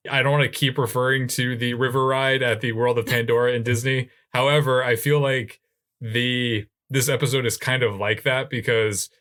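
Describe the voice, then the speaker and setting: Bright-voiced guy on a casual podcast. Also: mid-range voice, little pitch movement, moderate pace. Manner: laughing, exclamatory reactions. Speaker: podcast co-host.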